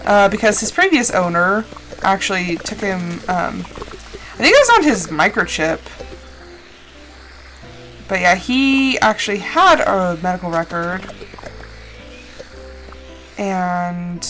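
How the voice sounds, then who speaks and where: A woman's voice: on the low side, slow, pauses often, soft background music, low-quality recording. A woman streamer chatting casually and rambling while she plays a game. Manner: rambling, chatty, animated asides. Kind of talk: casual chat while gaming.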